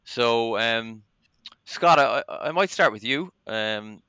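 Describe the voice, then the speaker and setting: A man's voice: medium pitch, expressive, slow, sharp tone, smooth. An Irish man hosting a casual podcast chat, chatty and self-deprecating, with plenty of ums. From Ireland. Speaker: podcast host.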